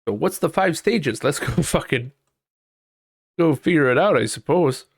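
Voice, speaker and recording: Lively, swearing man on a solo podcast. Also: a little high, a little slow, gravelly, dry recording, studio quality. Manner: swears freely, thinks aloud while reading; acts out quoted people in exaggerated voices. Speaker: podcast host. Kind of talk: casual solo podcast chat.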